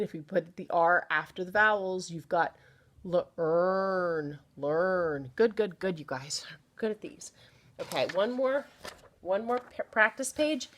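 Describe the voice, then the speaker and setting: A woman teaching a phonics lesson to young children, sounding out words slowly and chatting playfully between them. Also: on the low side, a bit bright. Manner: slow, drawn-out sounding of words. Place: home, at a small easel.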